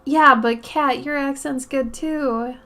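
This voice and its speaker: A woman's voice: sits high, fairly even intonation, slow pace, bright, forceful tone. A woman from Minnesota with a Minnesota accent, hosting a casual art livestream and chatting with viewers, laughing often and tripping over words.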